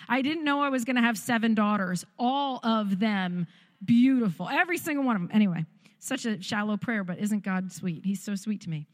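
A woman's voice: mid-range voice, fairly quick, long reverb tail. A middle-aged woman giving a personal testimony, telling her story candidly and poking fun at herself. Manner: candid, self-mocking storytelling. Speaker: speaker sharing testimony.

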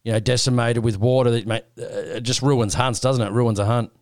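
A man's voice: medium pitch, fairly even intonation, fairly quick, darkish tone, no room sound, studio quality. A man hosting a casual hunting podcast, agreeable and fond of tag questions. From Australia. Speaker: podcast host.

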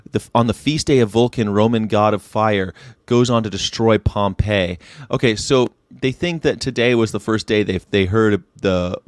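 A man's voice: medium pitch, no room sound, clean studio sound. A man in his late thirties hosting a daily vegan show, chatting casually and irreverently about history, rambling, swearing and firing off rhetorical questions. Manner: rhetorical questions, wry commentary.

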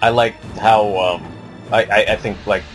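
A man's voice: on the low side, fairly even intonation, moderate pace, faint music behind. A man co-hosting a podcast, rambling casually about a film and swearing freely. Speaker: podcast co-host.

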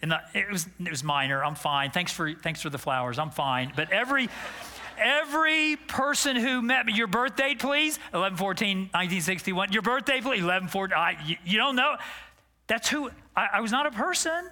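Bright, passionate man in his sixties preaching. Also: high voice, lively intonation, brisk. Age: 60s. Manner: passionate, swings from loud declarations to hushed near-whispers. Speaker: pastor. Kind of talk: sermon.

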